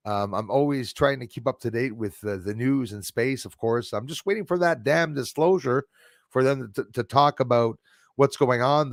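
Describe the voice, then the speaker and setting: A man's voice: medium pitch, vocal fry, no room sound, studio quality. A man hosting a casual livestream, chatting loosely and reading out viewer comments with frequent laughs and fillers. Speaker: livestream host.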